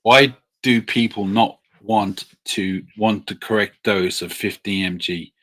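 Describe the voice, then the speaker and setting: Low-voiced chatty man. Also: a little slow, a bit bright. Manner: chatty, friendly, hesitant with ums and apologies. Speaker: livestream host. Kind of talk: casual live Q&A chat.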